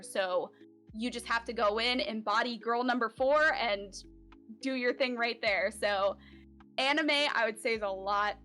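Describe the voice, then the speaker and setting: A fairly high, bright voice with a forceful tone and normal speed belongs to a voice actor from Central Florida, with soft music playing in the background. Recorded at home, she chats loosely in an interview, sprinkling in many "like" and "um" fillers.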